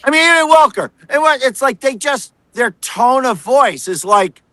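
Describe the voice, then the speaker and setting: Bright sarcastic American man, dry sound. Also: extremely high pitch, lively intonation, normal speed, no echo, rough recording. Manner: sarcastic, mocking impressions. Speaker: political reporter. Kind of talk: casual political talk.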